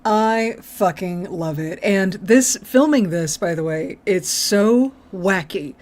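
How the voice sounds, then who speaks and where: A woman's voice: medium pitch, expressive, slow, a little mellow. Woman co-host, casual recap chat, enthusiastic and profane, laughs a lot. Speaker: podcast co-host.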